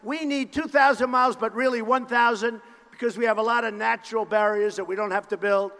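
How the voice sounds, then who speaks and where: A man with a fairly high voice delivers a campaign rally speech from a podium microphone. He is boastful and leans on short repeated phrases, now and then breaking into a shout. His voice rings through the long echo of a large hall. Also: steady tone, brisk. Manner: boastful, repetitive punchy phrases, bursts of shouting. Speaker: political candidate at a campaign rally. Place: large indoor rally venue.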